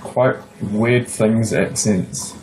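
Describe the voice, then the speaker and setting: A young man with a New Zealand accent giving a casual tour of his game build, pausing often with fillers. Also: on the low side, fairly even intonation, noisy background. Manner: hesitant, many pauses and fillers.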